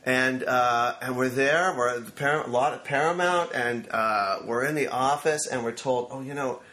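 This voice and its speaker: In this interview, a male screenwriter in his 50s shares anecdotes on a studio mic, lively and performing the voices of those he quotes. He speaks at normal speed with a medium pitch, and the sound is roomy.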